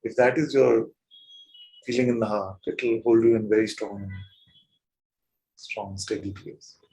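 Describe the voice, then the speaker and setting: A man giving a spiritual talk to a gathering as its teacher, gently playful, chuckling often and prodding listeners with rhetorical questions. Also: on the low side, steady tone, measured pace, vocal fry, poor audio.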